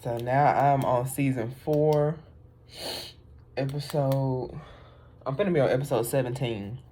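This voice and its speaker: Female vlogger, low voice, casual rambling chat with fillers and laughs. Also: measured pace, warm tone, slight background noise. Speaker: vlogger reacting to an anime.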